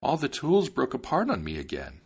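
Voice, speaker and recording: A man's voice: mid-range voice, huge pitch swings, normal speed, vocal fry, husky, voice pushed up, heavily acted. A man voicing a young prince who is despondent and sure he must die. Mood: despairing. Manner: mournful, dejected.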